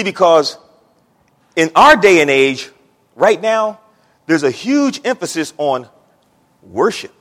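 A man preaching a sermon as pastor in a church, building from quiet asides to emphatic peaks and repeating words as he goes. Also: on the high side. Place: church sanctuary. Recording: long church reverb.

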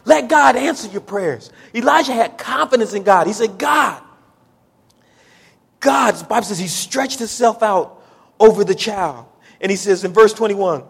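Male preacher, high and husky voice, rising to shouted prayer, echoey church sanctuary. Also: animated, measured pace. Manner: builds from low talk to shouted pleading prayer; Southern-style preaching cadence, says y'all. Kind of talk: sermon.

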